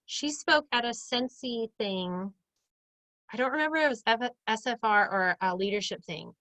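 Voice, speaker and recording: Upbeat woman host in her thirties, chatty, bright voice, dry close sound on a video call. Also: on the high side, no room sound, rough recording. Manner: chatty and upbeat, acts out quoted lines. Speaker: group chat host. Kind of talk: casual motivational group video chat.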